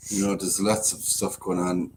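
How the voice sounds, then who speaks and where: A man's voice: deep voice, level tone, moderate pace, a little mellow, slight background noise. A man co-hosting a live stream, thanking viewers and trading teasing banter. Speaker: co-host of a live chat. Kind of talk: casual live-stream chat.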